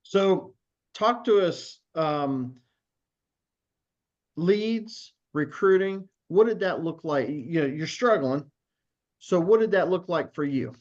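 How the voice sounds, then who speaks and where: A man's voice: a little high, expressive, takes it slowly, dull audio. A man hosting a team video call, who asks a guest questions in an encouraging, coaching tone. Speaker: host asking questions.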